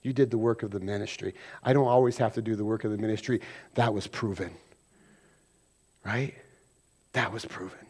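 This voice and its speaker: A man preaching a sermon in a conversational way, swinging between loud emphasis and quiet asides and acting out everyday quarrels in quick mock voices. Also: lowish voice, steady tone, husky. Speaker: pastor.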